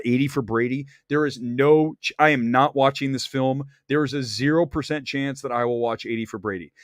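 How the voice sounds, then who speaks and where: A man's voice: dry recording, studio quality. Blunt, opinionated male movie host. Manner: blunt, opinionated, straight-talking; animated, climbs high when ranting. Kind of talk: box office commentary monologue.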